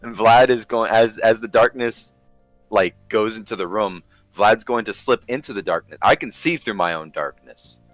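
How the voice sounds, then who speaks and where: A very low-voiced man at a tabletop game, talking his character through a stealthy plan. He thinks aloud, stopping and restarting as he works it out. Faint music plays behind him. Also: normal speed, a bit bright, no room sound. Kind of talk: describing his character's actions in casual play.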